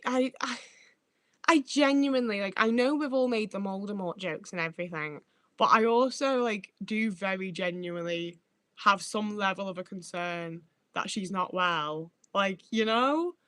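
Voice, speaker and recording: A woman's voice: medium pitch, animated, unhurried, a bit bright, dry recording. A woman livestreaming who reads out chat as she goes. She rambles, swears freely and trips over her own words.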